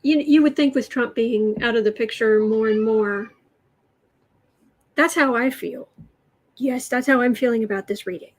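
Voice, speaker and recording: A woman's voice: on the high side, normal speed, pauses often, poor audio. An American woman hosting a casual tarot livestream from home, reading out viewer comments as she chats. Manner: reads viewer comments, soothes her cat in soft murmurs. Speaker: tarot reader livestream host. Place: home room.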